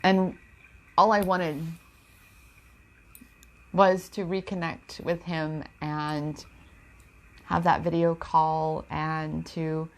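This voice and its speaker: Woman, empowerment coach, slightly low voice, raw and confiding spiritual vlog monologue. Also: flat delivery, drawn-out words, long pauses. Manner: emotional, confiding, addresses viewers as goddess; spiritual self-help talk.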